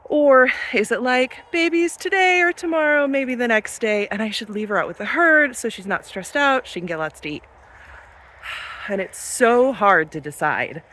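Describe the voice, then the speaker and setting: A woman's voice: fairly high pitch, expressive, measured pace, a bit bright, slight background noise. A woman in her thirties or forties vlogging casually on her farm while doing chores, filming on a handheld camera outdoors and in barns. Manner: chatty, talks sweetly to animals. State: out of breath at times. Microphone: handheld camera, she films herself.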